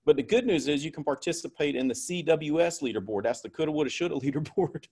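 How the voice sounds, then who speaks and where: Energetic man giving a pep talk. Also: fairly high pitch, fast talker, husky. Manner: energetic, emphatic, repeats key phrases. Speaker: sales team leader. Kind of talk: motivational team talk.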